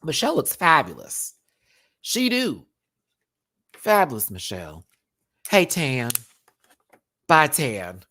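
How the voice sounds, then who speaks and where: A man hosting a live-stream review, chatting casually and swinging from loud outbursts to muttered asides. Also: mid-range voice, wildly swooping pitch, unhurried, pauses often. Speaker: YouTube reality TV reviewer.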